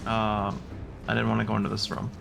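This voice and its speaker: A man giving relaxed, casual commentary on a video game as he plays, narrating each move. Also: fairly low pitch, a little fast, vocal fry. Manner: relaxed, narrating his moves. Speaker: streamer. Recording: voice over game music.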